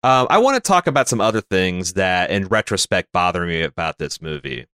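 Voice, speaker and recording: A North American man rambles through a casual film review with dry humor and plenty of restarts. His voice is bright and crisp. It sits close and dry, with no room around it. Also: sits low, sing-song, a little fast, no room sound. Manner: rambling, wry, many fillers and restarts. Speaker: podcast co-host. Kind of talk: casual movie review chat.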